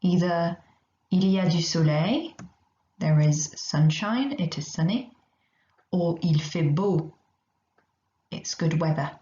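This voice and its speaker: A woman teaching a recorded language lesson, speaking slowly and carefully and repeating each phrase for her students. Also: fairly low pitch, dark tone. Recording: echoey, slightly dull recording.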